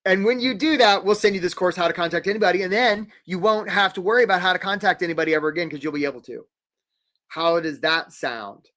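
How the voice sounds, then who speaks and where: A man hosting a live career webinar, energetic and jokey, acting out quick little quoted voices. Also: sits high.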